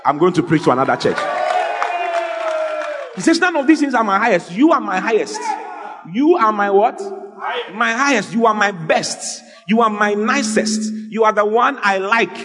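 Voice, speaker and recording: A man preaching an animated, lively sermon as a pastor, joking with his congregation. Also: high voice, normal speed, a crowd in the background. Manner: animated, exclaiming, jokes with the congregation. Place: church hall. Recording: long hall reverb, faint music.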